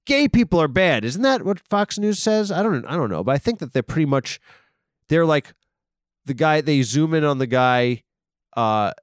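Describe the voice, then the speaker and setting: A man's voice: mid-range voice, no room sound, studio quality. A man delivering a rambling comedic monologue, often cutting himself off, swearing and mock-scolding his listeners. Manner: rambling, self-interrupting, swearing, mock-aggressive. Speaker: comedic podcast host.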